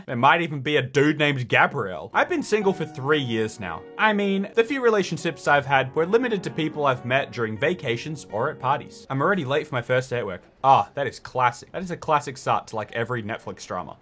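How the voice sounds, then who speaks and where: A man's voice: medium pitch, brisk, hardly any pauses, soft background music. A man playing through a story game, reading its text aloud and mocking it with sarcastic commentary. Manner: sarcastic, animated, mocking the script. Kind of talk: let's play commentary.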